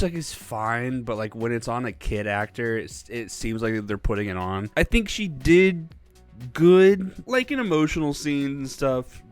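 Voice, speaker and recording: Animated young man rambling a movie review. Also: mid-range voice, smooth. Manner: animated, rambling, laughs and mock voices. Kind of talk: casual movie review vlog.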